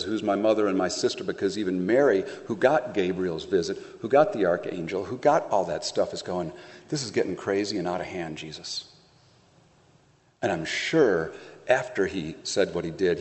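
A pastor preaching a conversational sermon, telling the story playfully with acted asides. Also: male voice, lowish voice, darkish tone, long reverb tail.

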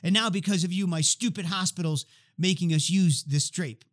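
A man quoting a blunt, gruff senior surgeon. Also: sits high, moderate pace, close to an everyday voice. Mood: irritated. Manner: blunt, irritated.

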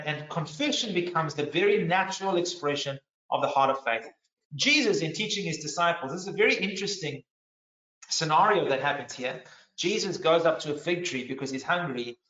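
A man with a high, bright voice preaches in a sermon. He is earnest and emphatic, and he repeats and restarts phrases as he drives his point. The sound is roomy and a little dull. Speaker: pastor.

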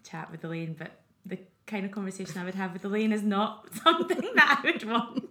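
Brief: female interview guest, theatre director, loose chatty delivery, middle pitch. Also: a little fast, pushed and bright. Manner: self-conscious, rambling, many ums and restarts. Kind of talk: casual interview chat.

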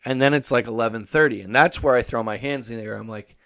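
A man's voice: medium pitch, fast. Profane, rambling male podcast host. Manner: profane, rambling, animated when quoting himself; reads articles aloud with asides. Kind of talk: casual storytelling monologue.

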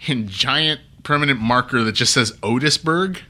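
A man with a bright, forward voice co-hosts a casual podcast. He rambles with enthusiasm, restarts his sentences often, and drifts from one piece of trivia to the next. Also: medium pitch, moderate pace. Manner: rambling, enthusiastic, many restarts and acted-out quotes. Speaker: podcast co-host. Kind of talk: casual chat about comics and films.

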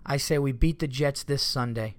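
A man with a medium-pitched voice and normal speed runs a solo comedy podcast. He rambles, curses frequently and gets exasperated without much provocation.

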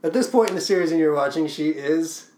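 A podcast co-host arguing a point in casual chat, animated and swearing constantly. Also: mid-range voice, fairly quick. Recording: roomy echo.

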